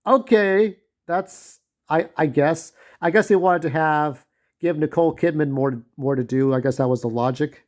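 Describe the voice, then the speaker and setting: A man giving a casual spoken movie review, rambling and irreverent, with lots of filler pauses. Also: on the high side, fairly even intonation, darkish tone.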